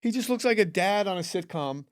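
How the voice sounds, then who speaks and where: Profane, animated middle-aged male podcast host. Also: sits high, a little fast, no room sound, clean studio sound. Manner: profane, animated storyteller who acts out voices. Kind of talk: casual storytelling chat.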